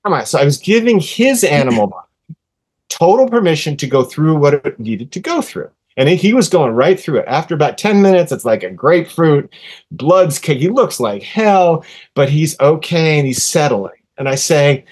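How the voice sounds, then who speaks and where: A man's voice: on the high side, moderate pace, breathy edge. Earnest sixties man telling a story. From USA. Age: 60s. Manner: earnest, animated storyteller, drops to a soft hush when quoting comforting words. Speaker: podcast guest. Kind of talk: casual storytelling in an interview.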